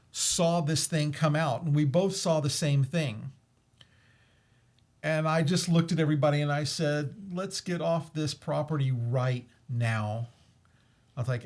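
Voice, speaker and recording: Chatty man telling a ghost story. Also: on the high side. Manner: animated, laughs often, many fillers and restarts. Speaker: host. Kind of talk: casual storytelling.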